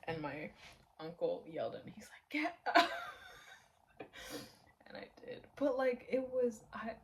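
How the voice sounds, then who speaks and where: A woman's voice: mid-range voice, lively intonation, a little slow, darkish tone, slight background noise, rough recording. A woman in her twenties chatting casually to camera at home, rambling, laughing often and dropping into half-whispers. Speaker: vlogger.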